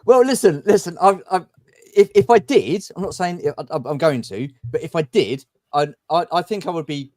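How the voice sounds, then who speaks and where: A man from the United Kingdom hosts a video-call livestream discussion in a slightly high, expressive, mellow voice at normal speed. The audio is studio quality with no echo, and he's jokey and playful, often stammering and restarting.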